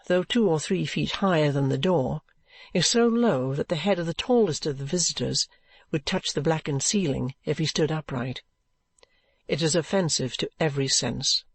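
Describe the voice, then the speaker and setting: A woman narrating a classic novel in an audiobook with measured, even storytelling. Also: sits low, breathy edge, no echo.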